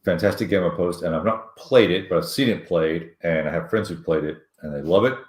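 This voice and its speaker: A man's voice: sits low, brisk. A man co-hosting a board game stream in casual chat, laid-back, often giving short agreeing replies. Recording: roomy echo.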